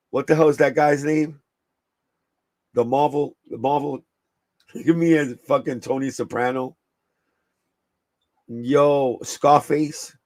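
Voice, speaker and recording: A man's voice: medium pitch, darkish tone, no room sound, rough recording. A man hosting a casual livestream, chatting in a slangy, profane, easygoing way and laughing often. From New York. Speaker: sneaker livestream host.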